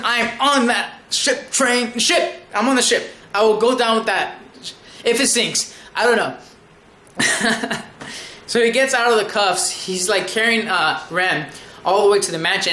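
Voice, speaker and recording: A fired-up anime reviewer rambling through an episode recap, cursing freely. The voice is bright and forceful, and the recording has a roomy echo with faint ambience underneath. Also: medium pitch, a little hiss or hum. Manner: excitable, rambling, profane.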